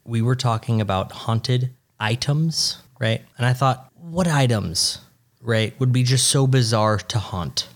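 Young male co-host, mid pitch, casual, crude and teasing. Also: unhurried. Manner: profane, joking, teasing. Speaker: podcast co-host. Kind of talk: casual chat.

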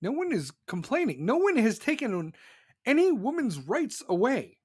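A man's voice: very high voice, huge pitch swings, normal speed, darkish tone, breathy edge, dry recording, clean studio sound. A man hosting a podcast, ranting in a heated, profane and emphatic way and often repeating himself. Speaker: podcast host. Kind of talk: heated political rant.

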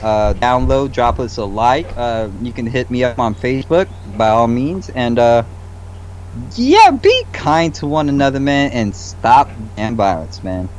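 A man's voice: medium pitch, sing-song, a little slow, darkish tone, slight background noise. A man co-hosting a casual podcast in a laid-back way, often tagging his lines with "man" and "dude". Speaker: podcast co-host and radio DJ.

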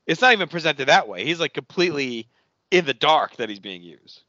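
Bright-voiced casual podcast man. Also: fairly high pitch, fairly quick, no room sound, dull audio. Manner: animated, swears casually, acts out characters' lines. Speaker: podcast host. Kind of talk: casual chat, recapping a TV episode.

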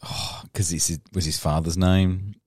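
A man's voice: low-pitched, fairly even intonation, moderate pace, a little mellow, husky, dry recording, clean studio sound. A man co-hosting a podcast, teasing and laughing through casual banter. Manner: playful, teasing, laughs often. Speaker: podcast co-host.

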